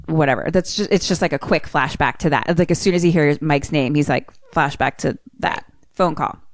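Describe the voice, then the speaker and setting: A woman with a lowish voice retells a movie in relaxed chat, acting out lines and laughing as she goes. The sound is dry and close, with no room around it. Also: fairly quick, no echo. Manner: animated storytelling with quoted voices and laughter. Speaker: podcast co-host retelling a film. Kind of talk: casual chat, recapping a movie.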